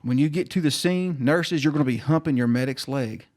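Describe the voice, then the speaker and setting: Male podcast guest, mid-pitched, casual storyteller who acts out every quoted exchange. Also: a little fast. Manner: animated, acts out quoted dialogue.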